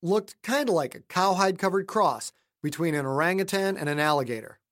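A man's voice: sits high, expressive, a little fast, fairly bright tone. Man narrating a suspense story. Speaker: audiobook narrator. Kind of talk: scripted narration.

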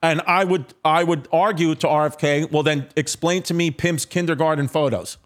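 New guy hosting a podcast, talks kinda high, rambles and jokes with lots of ums. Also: steady tone, normal speed, fairly bright tone. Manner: rambling, joking, many fillers and restarts. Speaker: podcast host. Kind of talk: casual podcast chat.

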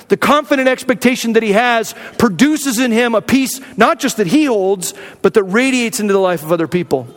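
An earnest male pastor from Arizona tells a personal story during his sermon. He talks in a candid, conversational way, full of restarts. His voice sits high, and a long reverb trails behind each phrase as in a large hall. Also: expressive, a little fast, few pauses. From Arizona, USA.

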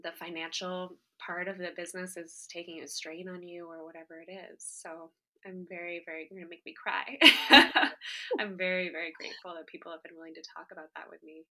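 A woman's voice: fairly low pitch, little pitch movement, brisk, sharp tone. A woman who hosts a podcast and acts, answering interview questions in an earnest, emotional way with many fillers and restarts. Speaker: podcast host and actor.

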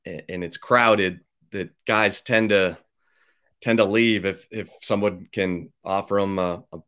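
A man hosting a podcast interview. He talks in a conversational way, with quick asides and folksy turns of phrase. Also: fairly low pitch, fairly bright tone. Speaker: podcast host. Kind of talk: casual interview talk.

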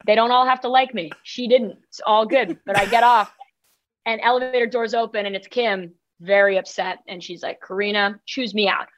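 A young woman from New York City, a guest musician on a podcast, telling animated stories and swearing casually. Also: fairly high pitch, moderate pace, muffled recording.

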